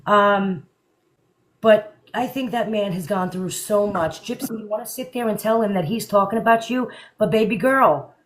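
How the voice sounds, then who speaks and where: A woman's voice: medium pitch, normal speed, poor audio. A woman hosting a live stream, chatting casually and speaking her mind. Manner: outspoken, chatty.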